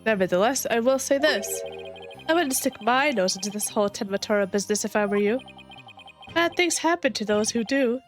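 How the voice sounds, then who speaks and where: A woman's voice: on the high side, lively intonation, fairly quick, soft background music, close to an everyday voice. A woman reading a vain, pompous male dandy from a game in a theatrical, haughty manner. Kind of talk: fan voicing of game dialogue.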